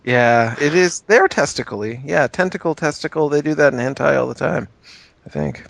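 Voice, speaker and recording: A man's voice: on the high side, moderate pace, vocal fry, a bit bright, dry recording. A man guesting on a podcast, chatting in a playful, self-mocking way. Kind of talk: casual podcast banter.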